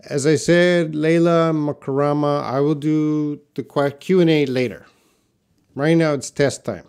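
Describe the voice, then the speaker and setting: A man's voice: fairly high pitch, fairly even intonation, unhurried, a little mellow, smooth. A man from Canada with a Canadian accent, teaching a live-streamed English pronunciation lesson and replying to viewers by name. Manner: talks to chat viewers by name, explains patiently.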